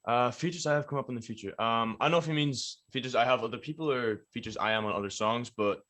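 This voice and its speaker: A man's voice: mid-range voice, fairly bright tone. A young man with a Donegal Irish accent, a rapper chatting as a guest and laughing easily. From Ireland. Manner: laid-back, laughs easily, quick rambling answers. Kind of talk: casual interview chat.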